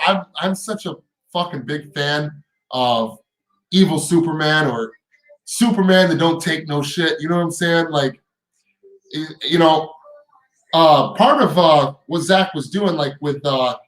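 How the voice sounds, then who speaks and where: A man with a slightly high voice hosts a live stream in an echoey room. He talks in heated, profane bursts, stumbling over repeated words and firing off rhetorical questions. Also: a bit bright. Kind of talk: casual live stream chat.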